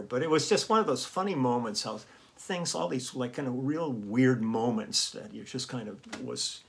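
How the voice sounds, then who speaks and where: A man hosting his own vlog, telling a casual, rambling story with chuckles and fillers. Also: mid-range voice. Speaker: vlog host and musician.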